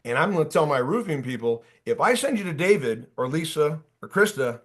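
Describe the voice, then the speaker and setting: A man in his late fifties leads an online job-search workshop over a video call. He is chatty and fired up, calling on attendees by name. His voice sits a little higher than most men's. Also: lively intonation, fairly quick, few pauses, a bit bright. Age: 50s. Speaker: workshop coach. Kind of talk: energetic online workshop talk.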